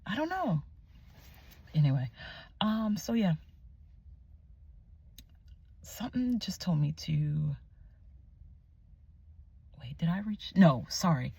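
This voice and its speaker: A young woman telling her personal faith testimony in a casual vlog, animated and chatty, often dropping to a near-whisper and searching aloud for words. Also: fairly low pitch, slow pace, vocal fry, pauses often, slightly rough, no echo. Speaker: Christian vlogger sharing her testimony.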